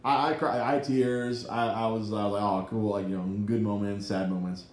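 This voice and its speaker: A man co-hosting a podcast in casual chat, excitable and swearing freely, with many restarts. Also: fairly low pitch, a little fast, reverberant, slight background noise. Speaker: podcast co-host. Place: podcast studio.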